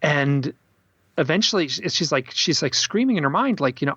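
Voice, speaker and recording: Male author as podcast guest, husky and gravelly, animated storyteller, dull dry recording. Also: medium pitch, brisk, no echo. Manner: animated storyteller acting out quoted voices. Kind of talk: storytelling in a casual interview.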